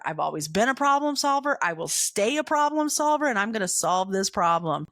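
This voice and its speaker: A woman podcaster spins a funny personal tale, leaning hard on emphasis and repeating her punchlines for effect. Her voice sits at an ordinary middle pitch for a woman. The sound is dry, with no room echo. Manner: animated, dramatic emphasis and repetition. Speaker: podcast host. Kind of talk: comedic personal storytelling.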